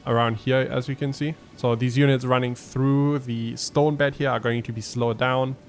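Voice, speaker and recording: A man's voice: medium pitch, little pitch movement, normal speed, a little hiss or hum. A man giving casual gameplay commentary as a let's play host, thinking aloud and explaining his tactics with frequent ums.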